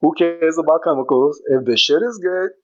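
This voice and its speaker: A man's voice: a little high, moderate pace, a little mellow. Laid-back swearing man, lo-fi. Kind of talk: casual chat.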